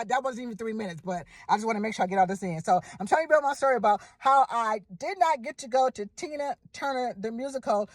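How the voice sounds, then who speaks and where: A woman with a high, lively voice tells a story in an animated, gushing way, repeating herself for emphasis. Her voice swings up and down a lot, and the recording is dry and close. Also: dry recording. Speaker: vlogger telling a personal story. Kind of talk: excited storytelling to camera.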